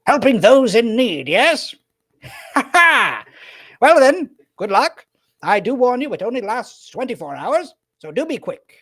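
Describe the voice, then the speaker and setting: A man voicing an eccentric, showy male wizard who speaks in a high, theatrical, grandly impatient way. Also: very animated, measured pace, a bit bright, heavily acted. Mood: grandiose.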